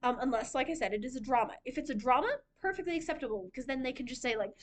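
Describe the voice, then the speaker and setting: A woman's voice: sits high, lively intonation, fast talker, hardly any pauses. A young woman leading a library writing workshop, chatty and giggly, with many fillers. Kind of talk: casual talk on writing. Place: library room.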